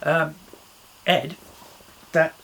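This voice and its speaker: A man's voice: on the high side, fairly even intonation, very slow, gravelly, pushed and bright, a little hiss or hum. A man presenting a playful children's talk in an online church service, upbeat and joking as he banters with a silent puppet. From England.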